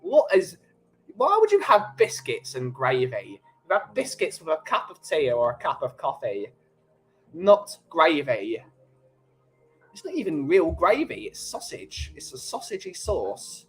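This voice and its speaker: Man, London accent, fairly high voice, jokey rambling banter, casual chat host. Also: wildly swooping pitch, measured pace, rough recording. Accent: London English. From England. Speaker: host of a live coffee chat stream.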